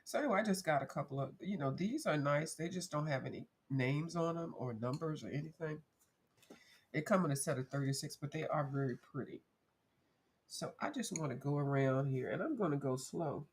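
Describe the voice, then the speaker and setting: A woman's voice: low voice, animated, fairly quick, darkish tone. A woman chatting casually and rambling as she colors on a livestream, correcting herself as she goes. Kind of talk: casual chat while coloring.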